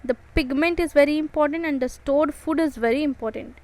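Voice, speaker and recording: A woman's voice: high-pitched, a little fast, darkish tone, rough recording. A woman with an Indian English accent giving an exam-prep biology lecture, repeating and stressing key points. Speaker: biology teacher.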